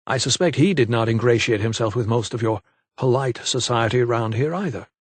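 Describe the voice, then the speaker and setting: A man voicing a young gentleman doctor in an audiobook, courteous, wry and teasing. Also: mid-range voice, fairly quick, breathy edge, dry recording, natural voice. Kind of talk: audiobook character voice.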